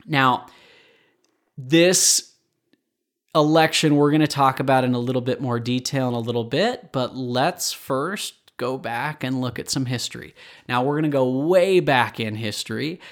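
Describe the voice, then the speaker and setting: A man's voice: medium pitch, unhurried. Young man, 20s, podcast host, casual chatty history talk, rambling, self-correcting, a bit tired. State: tired late at night.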